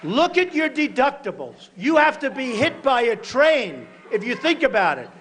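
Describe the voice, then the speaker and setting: High-pitched man in his sixties, emphatic rally speech. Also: big pitch swings, moderate pace, slight background noise. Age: 60s. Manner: repetitive, emphatic, punchy short phrases; breaks into shouting to the crowd. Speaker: political candidate at a rally. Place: large rally venue.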